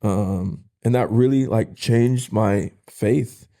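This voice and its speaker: A young man, a podcast guest, casually telling a personal story in an emotional, halting way with slang. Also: lowish voice, warm tone. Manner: casual, uses slang like "bro".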